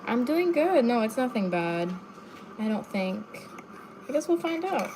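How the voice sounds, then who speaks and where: A woman's voice: a little high, big pitch swings, measured pace, very noisy. A tired young woman chatting casually to viewers on a livestream from her bedroom, talking to her dog now and then. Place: bedroom at home.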